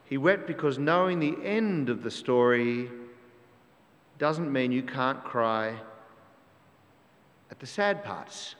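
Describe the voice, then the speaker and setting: This pastor delivers his sermon slowly and with frequent pauses, his mid-range voice animated and emphatic. He repeats key phrases and throws rhetorical questions at the congregation, and the church's long hall reverb lingers on every line.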